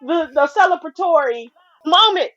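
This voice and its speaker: A woman in her forties co-hosting a podcast, a blunt, profane and animated storyteller in casual chat. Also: very high voice, moderate pace, muffled recording. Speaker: podcast co-host.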